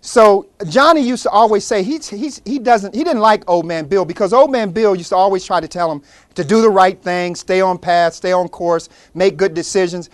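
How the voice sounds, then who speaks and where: A male presenter telling a story in an animated, passionate way. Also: high-pitched, normal speed, no room sound.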